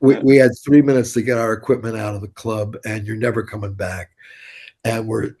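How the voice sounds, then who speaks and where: A man's voice: lowish voice, fairly even intonation, fairly quick, warm tone, breathy edge. An older man, telling rambling, blunt, profane stories as an interview guest. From New York City. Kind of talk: casual storytelling interview.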